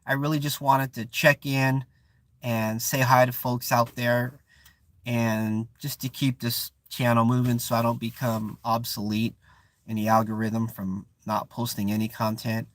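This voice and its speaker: Speaking a little slowly in a flat, medium-pitched voice that's slightly bright, this channel host is recorded with no room sound. A non-native English speaker with a Bay Area accent, he hosts a casual live-stream chat, repeatedly searching for words, restarting, and filling gaps.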